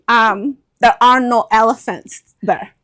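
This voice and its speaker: A middle-aged woman telling a personal story in a casual chat, animated and acting out the voices of the people in it. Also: fairly high pitch, slow. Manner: animated, acts out quoted voices.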